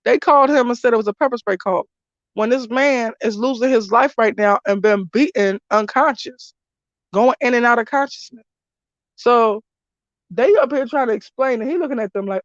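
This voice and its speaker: A woman's voice: a little high, normal speed, no room sound. A woman giving casual spoken commentary as a spiritual reader, blunt, emphatic and freely swearing. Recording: dull lo-fi dry recording.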